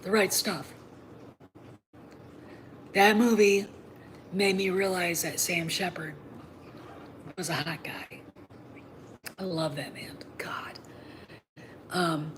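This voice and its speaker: Woman podcast host, low-pitched, opinionated solo talk with frequent fillers, faint hiss behind her. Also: slow, long pauses, rough recording. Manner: animated, blunt, swears freely, many fillers.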